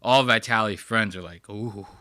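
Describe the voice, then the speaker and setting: A man hosting a casual live stream, mocking a clip with crude, animated commentary. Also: mid-range voice, measured pace, dry recording. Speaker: host.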